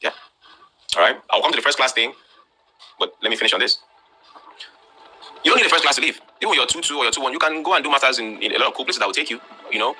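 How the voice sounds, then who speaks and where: A man with a Nigerian accent hosting an online class, lecturing students bluntly and forcefully, with lots of rhetorical questions. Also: medium pitch, animated, fast talker, long pauses, a little hiss or hum. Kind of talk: live-streamed talk to students.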